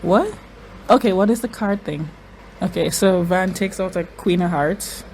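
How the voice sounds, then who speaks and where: Reaction host, casual and excitable, mid-pitched voice, faint noise behind. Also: a little slow, rough recording. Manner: excitable, narrates and reacts to what is on screen; repeats words for emphasis.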